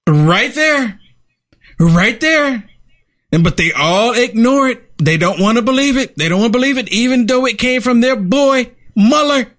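Emphatic, high-voiced male commentator. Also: animated, a little slow, a bit bright. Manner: emphatic, repeats phrases for effect. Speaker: show host and political commentator. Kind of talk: opinionated commentary chat.

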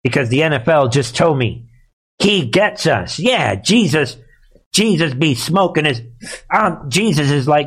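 A man's voice: fairly high pitch, lively intonation, unhurried, a bit bright, slightly rough. A man hosting live political commentary, sarcastic and heated, and he often laughs.

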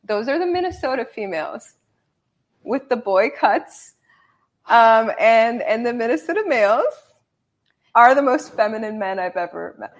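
A woman's voice: on the high side, big pitch swings, unhurried, pauses often, highs cut off. A woman hosting a casual livestream chat, blunt and joking, often laughing as she talks. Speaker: host.

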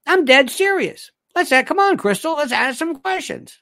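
A man's voice: very high-pitched, big pitch swings, normal speed, few pauses, bright, forceful tone. A man hosting an opinionated commentary monologue, firing off incredulous rhetorical questions.

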